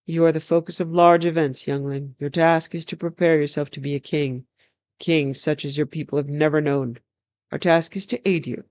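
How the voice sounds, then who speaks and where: A storyteller voicing a stern, haughty dark elf warrior in a read-aloud fantasy tale, measured and commanding. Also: medium pitch, steady tone, no echo, natural voice.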